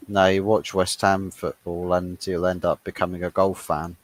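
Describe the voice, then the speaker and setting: A man's voice: low-pitched, flat delivery, normal speed. A man co-hosting a casual live-stream football chat, laid-back with dry quips.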